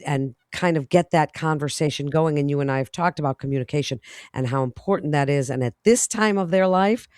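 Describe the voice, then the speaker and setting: A woman's voice: low-pitched, brisk, darkish tone, smooth, no room sound, clean studio sound. A woman in her fifties hosts the interview, framing her questions at length in a friendly way. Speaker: host.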